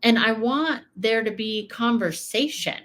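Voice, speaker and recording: A woman in her thirties hosting a reaction video, talking in an emphatic, animated way. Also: a little high, measured pace. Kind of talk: casual commentary.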